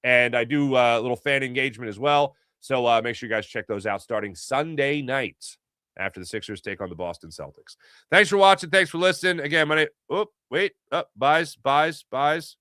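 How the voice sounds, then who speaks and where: A middle-aged man from Philadelphia hosting a casual sports talk show, telling animated stories and acting out voices. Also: mid-range voice, a little fast, clean tone, no echo, clean studio sound. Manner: animated storytelling, acts out voices.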